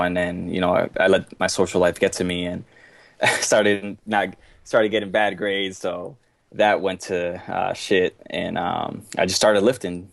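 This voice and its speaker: Here a Boston-born guest athlete in his twenties chats casually on a podcast, easygoing and meandering as he talks. His voice sits low with a gravelly edge, captured in a dry recording.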